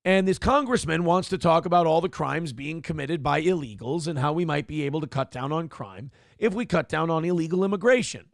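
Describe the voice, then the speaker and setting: High, gravelly-voiced man ranting profanely. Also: fairly quick, hardly any pauses, no echo, clean studio sound. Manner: profane, animated, sarcastic. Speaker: morning show host. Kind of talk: ranting commentary on news clips.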